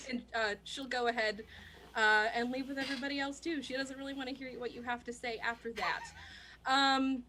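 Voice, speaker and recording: A woman's voice: sits high, fairly even intonation, a little fast, pushed and bright, a little hiss or hum. A woman narrating an improvised tabletop game as dungeon master, chatty and giggly.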